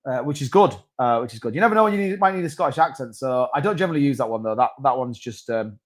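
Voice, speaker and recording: A man's voice: mid-range voice, expressive, fast talker. A man hosting a casual crypto live stream, rambling and reading out viewer comments.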